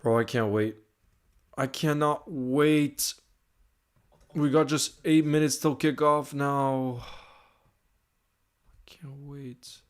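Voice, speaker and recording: A man's voice: mid-range voice, steady tone, slow pace, long pauses, smooth. Young guy hosting a live stream, chatty, reads out comments and says hi to everyone by name. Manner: chatty, greets viewers by name. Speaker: livestream host. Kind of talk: casual live-stream chat reading comments.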